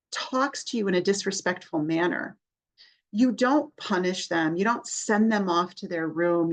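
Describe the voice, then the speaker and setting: A woman hosting a podcast, earnestly explaining parenting strategies and often restarting her sentences. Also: mid-range voice. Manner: earnest, explanatory, with many restarts and acted examples. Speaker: therapist and podcast host. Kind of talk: podcast talk giving parenting advice.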